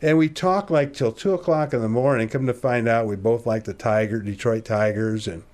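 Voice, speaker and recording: A man around sixty from Ohio, a podcast guest telling a personal story in a casual, animated way, acting out the dialogue and laughing at himself. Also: medium pitch, normal speed.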